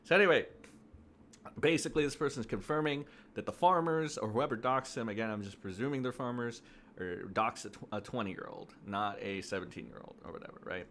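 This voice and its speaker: A man's voice: mid-range voice, fairly quick, fairly bright tone, slight background noise. A man ranting through casual commentary, profane and exasperated, full of fillers and mocking quotes. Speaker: commentary streamer.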